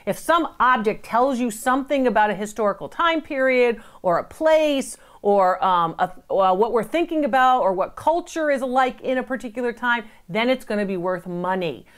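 Middle-aged woman from the US, antiques appraiser, fairly high voice, emphatic and chatty, wanders into stories. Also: lively intonation, moderate pace, few pauses. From United States. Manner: emphatic, chatty, digressive with anecdotes. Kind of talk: appraisal tips to camera.

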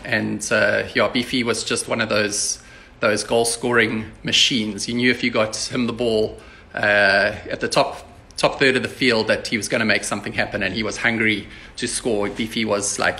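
A man's voice: mid-range voice, sharp tone. A man hosting a casual interview over a video call, chatty and teasing in his banter. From South Africa. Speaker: host.

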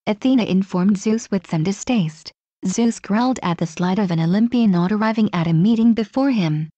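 A woman narrating a fan story aloud in a steady, even reading voice. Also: medium pitch, normal speed, no echo.

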